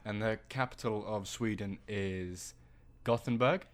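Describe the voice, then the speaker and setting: A man's voice: lowish voice, a little slow. A young man co-hosting a podcast, rambling and teasing his friend in casual chat. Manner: rambling, teasing, trails off mid-sentence. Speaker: podcast co-host.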